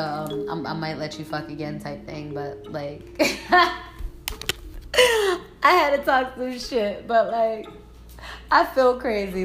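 A young woman with a mid-range, slightly bright voice hosts her own podcast, launching into an angry rant. She swears constantly and keeps repeating phrases. The room is echoey, with faint music in the background.

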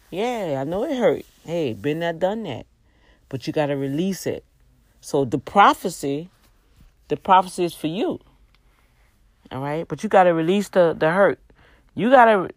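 A tired woman hosting a livestream, giving a faith talk with slow, emphatic, exhorting repeats. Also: deep voice, darkish tone, dry recording. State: tired, yawning. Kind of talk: preachy casual livestream talk.

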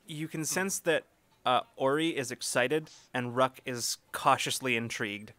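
Relaxed man running a tabletop game. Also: mid-range voice, unhurried, no room sound. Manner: relaxed, with fillers and small laughs. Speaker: game master.

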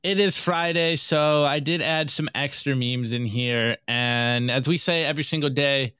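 Smooth, dry-voiced male podcast host. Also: medium pitch, a little slow, dry recording. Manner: energetic, laughs often, slangy. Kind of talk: casual meme review commentary.

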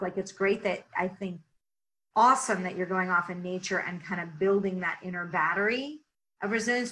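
A woman's voice: on the low side, slight background noise, poor audio. A woman leadership coach answering interview questions, explaining energetically and often checking in with "right?". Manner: energetic, lots of "right?" asides.

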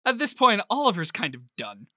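A woman's voice: medium pitch, wildly swooping pitch, a little fast, sharp tone, dry recording, studio quality. A woman narrating as game master in a tabletop game, casual and often laughing.

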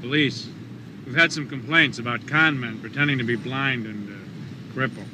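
An actor playing a dry city police officer who speaks flat and matter-of-fact, in a film clip with street noise. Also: male voice, medium pitch, moderate pace, close to an everyday voice. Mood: deadpan.

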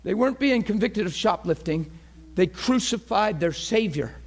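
A man preaching an impassioned sermon who swings from fervent near-shouting to hushed, earnest appeals and acts out crowd voices. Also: high-pitched, lively intonation, normal speed.

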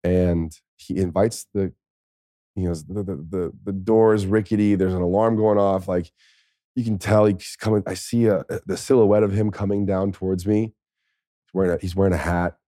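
A man's voice: sits low, fairly even intonation, normal speed, mellow, no echo, studio quality. A man, a former pro football player, telling a story in a rambling, profane way and laughing often. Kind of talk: casual storytelling.

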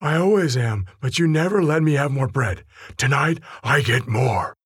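A stubborn grown man whining insistently, raised in pitch and loudness, as a man voices him. The delivery sounds slightly distant and a little husky. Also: expressive, moderate pace, dry recording. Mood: whiny. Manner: whiny, insistent.

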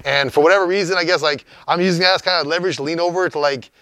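A man's voice: on the high side, rapid-fire, bright, forceful tone, no echo. A man telling a story as an interview guest, in a rambling, profane, laid-back way.

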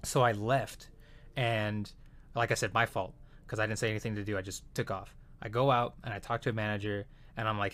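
A man's voice: fairly low pitch, level tone, brisk, fairly bright tone. Casual male storyteller, rambling and profane, venting about work. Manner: rambling, profane, frequent fillers and restarts. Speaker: retail worker telling a story. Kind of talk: casual chat.

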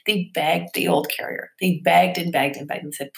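A woman's voice: lowish voice, expressive, fairly quick, gravelly. A woman hosting a podcast, explaining things in a chatty, casual way with many fillers and asides. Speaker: podcast host.

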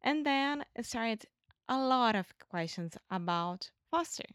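A Brazilian woman, a native Portuguese speaker, telling a story in English with hesitant pauses and self-corrections. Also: fairly high pitch, animated, fairly bright tone, clean tone, no echo, clean studio sound. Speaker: guest and English learner. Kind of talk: casual storytelling.

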